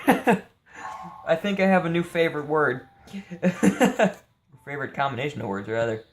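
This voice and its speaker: A man's voice: fairly high pitch, big pitch swings, measured pace, long pauses, a little hiss or hum. A young man giving casual, rambling and profane gameplay commentary, sleepy and joking as he plays. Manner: tired, rambling, jokey and profane. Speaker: gameplay streamer.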